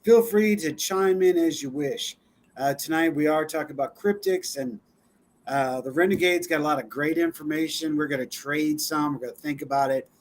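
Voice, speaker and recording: Laid-back, chatty male co-host, slightly high voice. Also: moderate pace, slight background noise. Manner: laid-back, laughs often, loose filler-heavy talk. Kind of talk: casual live-stream chat.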